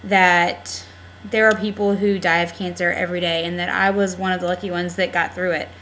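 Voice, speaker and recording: A young adult woman talks candidly in a casual webcam video diary, rambling and leaning heavily on "like" and "um." Her voice is fairly low, level, brisk, and a bit bright, in a low-quality recording with slight background noise.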